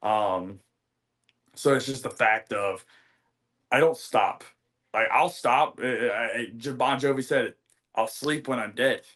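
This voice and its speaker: A young American man, a professional wrestler, telling stories in a rambling, animated way full of fillers and restarts. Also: mid-range voice, unhurried, pauses often. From United States. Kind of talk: casual interview storytelling.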